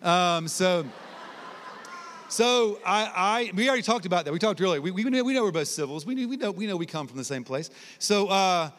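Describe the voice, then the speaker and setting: Male guest preacher, slightly higher voice, animated storyteller, long hall reverb. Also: normal speed, a little hiss or hum. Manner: animated, conversational storytelling that shifts to soft, low emphasis. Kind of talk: sermon with personal stories. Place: large hall at a college ministry gathering.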